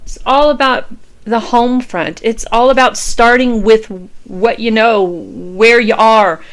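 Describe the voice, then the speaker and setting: A woman's voice: fairly high pitch, slow pace. Fervent woman tarot reader preaching. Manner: fervent, repetitive and profane, preaching to viewers. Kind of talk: impassioned motivational monologue.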